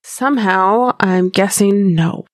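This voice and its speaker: A woman playing a tabletop role-playing game, unhurried and sardonic. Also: mid-range voice, no echo, clean studio sound. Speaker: player. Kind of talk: tabletop role-play, in and out of character.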